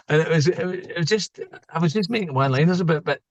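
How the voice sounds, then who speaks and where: A man's voice: fairly high pitch, very fast, dry recording, highs cut off. A middle-aged man, a podcast guest telling stories in a casual, joking way and laughing at his own tales. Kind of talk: casual storytelling interview.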